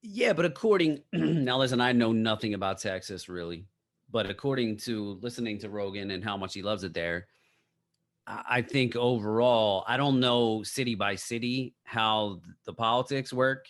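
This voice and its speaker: A man's voice: fairly low pitch, moderate pace. A man co-hosting a podcast in casual chat, laid-back and mostly giving short agreeing replies. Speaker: podcast co-host.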